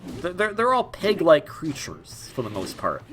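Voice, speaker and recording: A man's voice: on the high side, huge pitch swings, a little slow, fairly bright tone. A young man giving casual, jokey let's-play commentary, rambling and stammering over repeated words. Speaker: gaming YouTuber.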